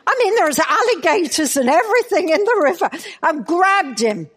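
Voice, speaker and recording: An older woman with a Northern Irish accent, preaching to a women's gathering through an animated, humorous story. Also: extremely high pitch, moderate pace. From Northern Ireland. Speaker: speaker. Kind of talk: storytelling sermon. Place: church gathering.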